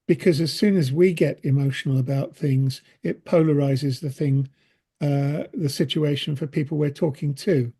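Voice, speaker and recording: A man's voice: fairly high pitch, dark tone, slightly rough. A man in the audience joining a casual discussion, earnest and rambling, often restarting his sentences. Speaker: audience member.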